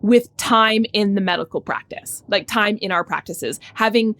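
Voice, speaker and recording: A middle-aged woman physician, a podcast guest, talking in a reflective, animated storytelling way with occasional laughs. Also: medium pitch, normal speed. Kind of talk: casual conversation.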